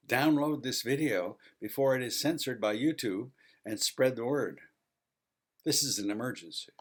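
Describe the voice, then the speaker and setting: Male author presenting his own video essay; mid-pitched, insistent, hammers each point home. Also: normal speed. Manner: emphatic, listing items with a repeated refrain. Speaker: author and psychology professor.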